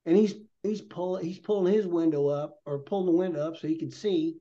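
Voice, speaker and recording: Speaking a little fast in a warm, slightly high voice, a man appearing as a podcast guest casually spins a rambling hunting tale rich in vivid detail. The audio is dull, lo-fi podcast sound.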